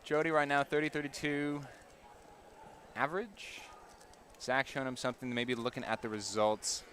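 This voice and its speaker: An American man in easygoing casual chat as a stream commentator, speaking in short, relaxed replies. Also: mid-range voice, moderate pace, a little hiss or hum. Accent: American, working on an Australian one. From United States.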